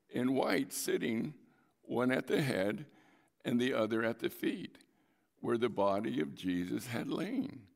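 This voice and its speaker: Slow, gravelly-voiced male preacher. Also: medium pitch, big-room sound. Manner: slow, conversational preaching with dramatic readings. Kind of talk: sermon reading and explaining scripture.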